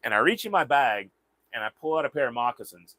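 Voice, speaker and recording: A man's voice: medium pitch, very animated, bright, forceful tone, dry recording. Rambling man, dry sound. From Southern United States. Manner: rambling, halting with repeated words. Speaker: vlogger. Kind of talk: casual storytelling.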